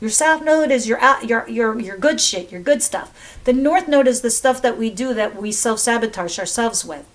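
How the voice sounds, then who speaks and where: Woman tarot reader, casual and chatty, drops swear words, voice on the higher side. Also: lively intonation, moderate pace. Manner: chatty, swears freely, laughs at the cards.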